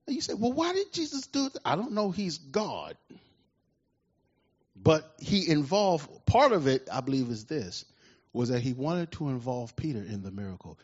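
A man preaching a sermon in an animated way, often asking the congregation questions, with a husky voice. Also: medium pitch, normal speed. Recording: dull lo-fi recording.

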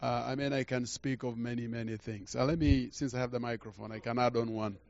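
An older man preaches through a story with a gravelly voice. He halts, repeats words and swings from quiet to loud. The recording sounds dull and lo-fi. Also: medium pitch, fairly even intonation, a little fast. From Uganda. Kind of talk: storytelling sermon.

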